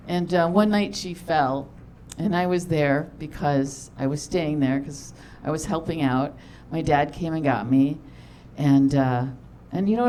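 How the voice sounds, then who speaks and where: A woman's voice: on the low side, a little mellow, a little hiss or hum. A middle-aged woman doing stand-up, telling a long personal story in a chatty, self-deprecating way, full of fillers and acted-out dialogue. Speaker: stand-up comedian. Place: comedy festival stage.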